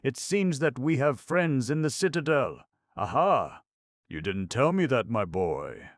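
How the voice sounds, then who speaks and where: Brief: male narrator doing a cheeky young student, exclamatory, pitched well up. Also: big pitch swings, unhurried, dry recording, clean studio sound. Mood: jaunty. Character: jaunty young male student, cocky and cheerful.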